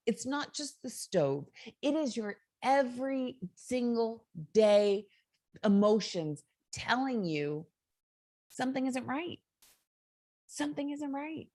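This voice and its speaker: A woman's voice: medium pitch, darkish tone, no room sound, clean studio sound. A woman hosting a motivational self-help talk, earnest and conversational, with many fillers. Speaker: host.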